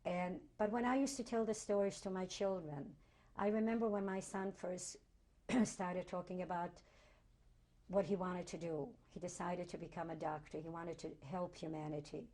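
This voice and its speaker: Mellow-voiced older woman recalling her past. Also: lowish voice, steady tone. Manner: halting, repeats words for emphasis. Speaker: interviewee, Holocaust survivor. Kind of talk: oral history interview.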